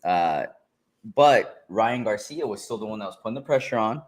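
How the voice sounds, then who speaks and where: Laid-back man breaking down fights. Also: lowish voice. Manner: relaxed, laughing, drawn-out play-by-play. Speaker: co-host. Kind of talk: casual fight reaction chat.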